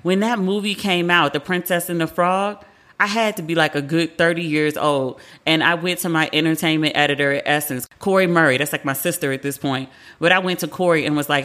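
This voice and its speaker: Woman in her 40s doing casual pop culture chat, bright forceful voice, swears a lot. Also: deep voice, steady tone, a little fast. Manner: chatty, candid, swears freely, acts out quotes. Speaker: podcast host.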